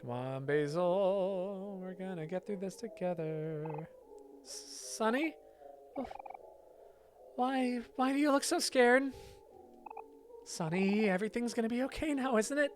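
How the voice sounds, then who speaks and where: A woman's voice: medium pitch, lively intonation, unhurried, pauses often, faint music behind, close to an everyday voice. A woman voicing a frightened, clingy young boy who stammers out trembling pleas. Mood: pleading.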